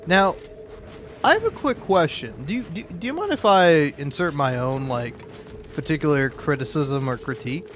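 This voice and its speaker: A man's voice: a little high, big pitch swings, moderate pace, fairly bright tone, slight background noise. Rambling gaming streamer, man. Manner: rambling, many fillers and restarts. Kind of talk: casual gameplay commentary.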